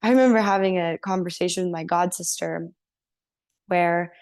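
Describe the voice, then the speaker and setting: A woman guest on a podcast interview, telling her personal story in an earnest, animated way and laughing now and then. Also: on the low side, normal speed, clean tone. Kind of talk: casual interview.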